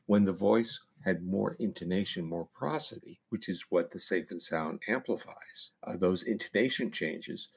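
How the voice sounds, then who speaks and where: Man, interview guest, very low voice, raspy, lecturing explanations. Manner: long, lecturing explanations with "you know" fillers. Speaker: neuroscientist guest.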